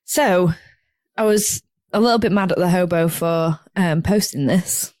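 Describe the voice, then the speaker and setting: A woman's voice: on the low side, a little slow, darkish tone, no room sound. A woman, co-hosting a podcast in blunt, sweary, laughing casual chat. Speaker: podcast co-host.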